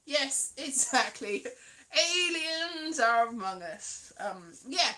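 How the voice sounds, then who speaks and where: Woman, from Wales, high voice, very lively intonation, playful rambling livestream chat, sing-song bits. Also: takes it slowly. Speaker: streamer. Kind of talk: casual livestream chat with viewers. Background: loud piano music.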